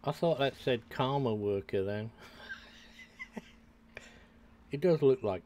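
A man's voice: medium pitch, expressive, slow pace, long pauses, dark tone, a little hiss or hum. An older British man streaming a game, chatting to his viewers and rambling to himself as he plays. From United Kingdom. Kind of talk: casual gameplay commentary.

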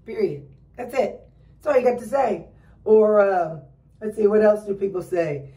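A woman's voice: normal speed, dark tone, far from the mic. A middle-aged woman giving a rambling, casual pep talk to her viewers, full of fillers and restarts. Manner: acts out quoted relatives in a higher voice. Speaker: weight-loss vlogger.

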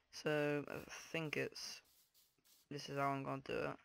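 A man's voice: fairly high pitch, monotone, measured pace, vocal fry. A young man with a groggy morning voice giving casual gameplay commentary, half-talking to himself and trailing off. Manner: mumbling to himself while playing, trailing off. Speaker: gaming video host. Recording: loud background noise over the voice.

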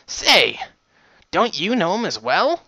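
A man voicing a bold, blunt female pegasus explorer in a storybook reading, pitching his voice up and speaking in clipped lines. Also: wildly swooping pitch, slow pace, pushed and bright, no room sound, exaggerated voice.

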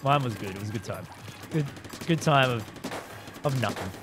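Animated streamer over game music. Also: medium pitch, moderate pace. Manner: excitable, laughs and taunts opponents; chats with viewers and thanks them. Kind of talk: live gameplay commentary.

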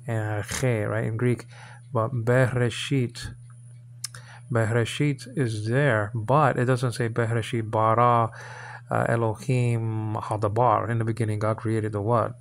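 A man's voice: on the low side, slight background noise. Rambling American man teaching biblical Hebrew. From United States. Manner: rambling, full of fillers and self-corrections, checks in with listeners. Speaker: Bible teacher. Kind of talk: informal teaching on Hebrew text.

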